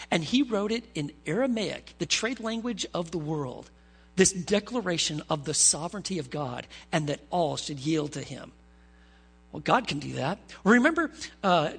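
Husky, high-voiced male pastor preaching. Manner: animated storytelling, conversational asides to the congregation. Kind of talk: sermon.

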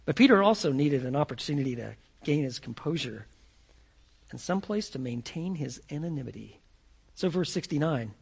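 A pastor preaching in a high, gravelly voice. He talks conversationally and animatedly, slipping into voices to act out his scenes. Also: expressive, fairly quick, fairly bright tone. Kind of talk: sermon.

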